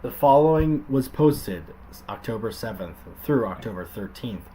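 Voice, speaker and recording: A man's voice: medium pitch, lively intonation, moderate pace, dark tone, a little hiss or hum. A man hosting a casual chat, reading stories aloud with frequent laughs and swearing. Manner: laughs often, swears, jokey. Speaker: host.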